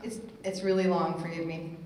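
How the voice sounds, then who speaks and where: A chatty, upbeat woman personal trainer talks on a panel at a summit, laughing at her own jokes. Her voice sits a little low, and the echo of a large hall hangs around every word. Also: little pitch movement, moderate pace, darkish tone. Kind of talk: casual panel talk.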